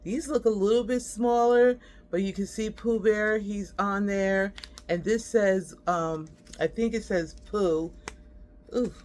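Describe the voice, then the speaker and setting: A woman's voice: mid-range voice, a little hiss or hum. A woman hosting a casual haul vlog, chatty and friendly, calling viewers y'all and laughing as she shows her finds. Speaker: host.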